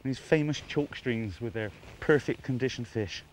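A man's voice: mid-range voice, normal speed, slight background noise. A man presenting a fishing show outdoors on a riverbank, talking with admiring enthusiasm, half to himself. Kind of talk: casual outdoor presenting to camera.

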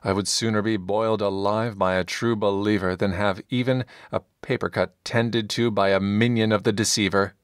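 A man's voice: fairly low pitch, fairly even intonation, normal speed, hardly any pauses, clean tone, dry recording, studio quality, natural voice. A man voicing a fanatical, self-righteous paladin in an audiobook, proclaiming his faith in a commanding tone. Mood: zealous.

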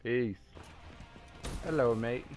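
A man's voice: medium pitch, very slow, music in the background. A young man swearing in frustration as he comments on his own shooter gameplay. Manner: profane, exasperated, yelling in frustration. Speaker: gaming YouTuber. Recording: game gunfire behind voice.

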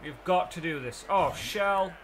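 A young man commenting live on the baseball game he is playing, excitable and often breaking into shouts. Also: fairly high pitch, a little slow, noisy background. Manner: excitable, swings into shouting at plays. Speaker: let's play gamer.

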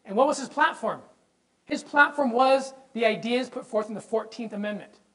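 A man's voice: extremely high pitch, normal speed, low-quality recording. Male presenter, fervent religious history lecture, emphatic, rhetorical questions to the room, stumbles into repeats when fired up. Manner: repeats words when excited.

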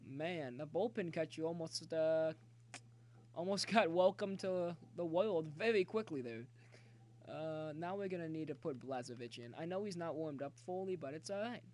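A man streaming a baseball video game, talking chattily to viewers and yelling excitedly at the plays. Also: a little high. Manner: excitable, cheers and yells at the game; talkative, jokey banter with viewers. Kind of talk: live gameplay commentary.

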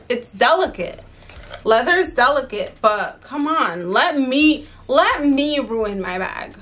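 Unboxing a handbag, this young fashion vlogger talks in a chatty, exasperated way, her speech full of fillers. She has a medium-pitched, slightly bright voice.

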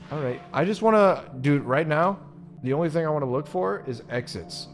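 Jumpy young man yelling through a horror game. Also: fairly high pitch, normal speed, soft background music. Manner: excitable, swears and yelps at scares. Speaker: gamer. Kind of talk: let's play commentary.

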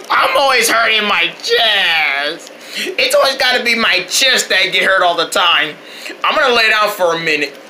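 A man's voice: high-pitched, big pitch swings, a little slow, sharp tone, slight background noise. A man doing homemade cartoon voice acting, switching between exaggerated character voices and yelping. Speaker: cartoon voice actor.

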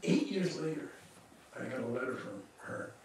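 A man giving a seminar lecture, telling a case story and voicing the people in it with hesitant restarts. His voice sits at an ordinary pitch for a man. It comes from a distance in a very echoey hall over a faint hiss. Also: normal speed. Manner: lively storyteller who acts out the people he quotes. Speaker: psychologist leading a seminar.

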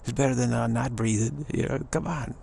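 A man's voice: mid-range voice, a little fast, a little mellow, a little hiss or hum. A middle-aged man giving a rambling, enthusiastic pep talk, repeating himself and chuckling often. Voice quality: gravelly. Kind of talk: rambling motivational monologue.

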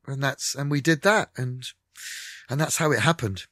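Here the same kind of guest, a middle-aged man who plays music, recounts frank stories on the radio and performs the dialogue with lively flair. His mid-range voice moves at a normal speed in a dry, studio-quality recording.

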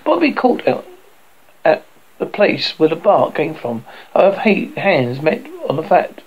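A man's voice: a little high, sing-song, a little slow, muffled recording, slight background noise. A man reading a novel aloud as narrator, often stumbling and correcting himself.

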